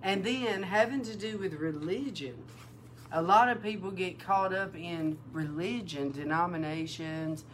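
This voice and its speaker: Slow-speaking woman minister telling a testimony. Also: on the low side, a little hiss or hum. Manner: animated storytelling, acts out dialogue; emotional, near tears. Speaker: prophetic minister. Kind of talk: sermon-style testimony and teaching.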